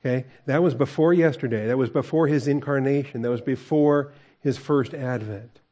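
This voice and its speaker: A man's voice: mid-range voice, moderate pace, mellow. A man preaching a conversational verse-by-verse sermon as a pastor, asking the congregation questions and chuckling often.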